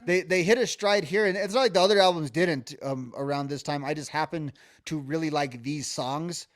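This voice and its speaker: This podcast co-host talks about music in a loose, rambling manner, restarting often, using many fillers, and humming tunes. He's a little high in pitch at a normal speed, and the dry recording is studio quality.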